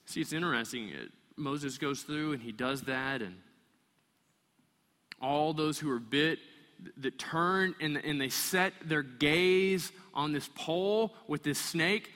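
A man preaching a sermon, animated and storytelling, acting out the voices of the people in the story. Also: on the high side, slow pace, big-room sound. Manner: animated, acts out voices of complaining people and kids. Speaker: pastor.

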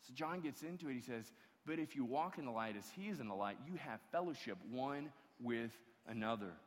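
A man's voice: medium pitch, lively intonation, brisk. A man preaching a sermon as pastor, emphatic and given to repeated restarts. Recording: long hall reverb.

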